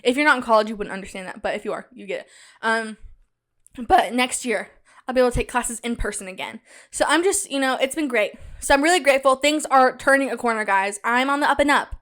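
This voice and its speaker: A young woman with a high, bright voice hosts a casual solo podcast. She talks chattily and animatedly straight to her listeners. When something amuses her, she breaks into a loud, cackling laugh. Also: quick pace. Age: young adult. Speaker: podcast host.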